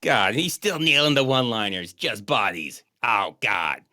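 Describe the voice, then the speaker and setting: A man's voice: medium pitch, very animated, moderate pace, noisy background. A man co-hosting a movie commentary podcast, chatting casually, joking and rambling, often laughing. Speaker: podcast co-host.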